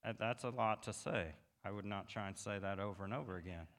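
A male pastor delivers a sermon in a tense, bright voice. He moves between soft, reflective stretches and passionate, emphatic climbs. The sound carries the long reverb of a church sanctuary. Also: on the low side, a little fast. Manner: builds from quiet reflection to emphatic, rising passages.

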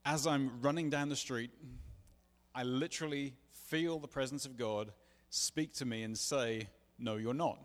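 A preacher with a medium-pitched voice, speaking a little slowly, shares his personal testimony in a sermon, earnest and confessional. He acts out the dialogue, and a large hall's long reverb surrounds him.

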